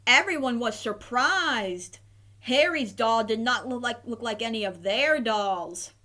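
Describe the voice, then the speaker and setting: A woman reading a children's picture book aloud, clear and gentle in her narration. Her pace is very slow and unhurried, and her voice sits a little high. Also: lively intonation. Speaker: storybook reader.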